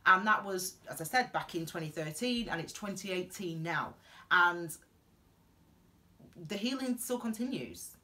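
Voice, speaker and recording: A woman gives earnest, heartfelt advice in a reflective vlog monologue, rambling and halting with frequent restarts and tangents. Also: on the low side, lively intonation, sharp tone. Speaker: tarot reader giving advice.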